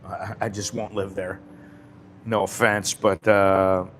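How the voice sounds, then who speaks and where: A man's voice: low-pitched, flat delivery, slow, a bit bright, a little hiss or hum. An American man hosting a casual live stream, talking bluntly in a rambling way and swearing freely. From United States.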